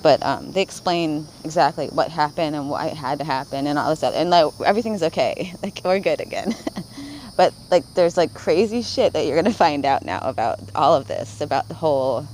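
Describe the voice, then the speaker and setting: A woman's voice: deep voice, lively intonation, a little fast, darkish tone, slight background noise, rough recording. A woman vlogging in a rambling, casual way, swearing freely, laughing often and smoking while she talks. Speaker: spiritual vlogger.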